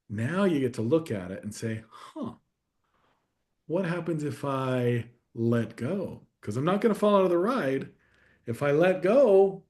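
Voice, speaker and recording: A man guest on a conversational podcast, sharing a personal story in a reflective, steady way that grows animated at times. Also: a little high. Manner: reflective, warm storyteller who gets animated in anecdotes. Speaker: guest coach.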